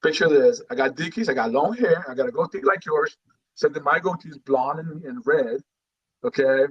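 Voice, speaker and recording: A middle-aged man from Guatemala, a retired Marine telling his story as a guest in a casual podcast interview, animated and full of "you know"s. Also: on the high side, a little fast, slightly rough, muffled recording.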